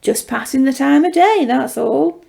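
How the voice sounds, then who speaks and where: Teasing male faerie, amused and unhurried, gravelly, mellow voice, read by a woman. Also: high-pitched, expressive, exaggerated voice. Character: tall smirking male faerie, teasing and mischievous.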